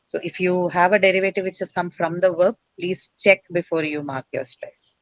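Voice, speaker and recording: A woman's voice: on the low side, steady tone, normal speed, dry recording, poor audio. A middle-aged woman teacher lecturing a class, explaining step by step and quizzing her students as she goes.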